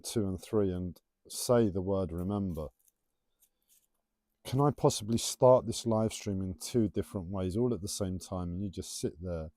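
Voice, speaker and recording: A man talks on a solo livestream from home, drifting from one tangent to the next in a self-confessed waffle. His voice sits low and mellow, and he stumbles over his T's. The sound is dry and close, with no room echo. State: struggling to pronounce his T's. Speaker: livestream host. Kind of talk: rambling solo livestream talk.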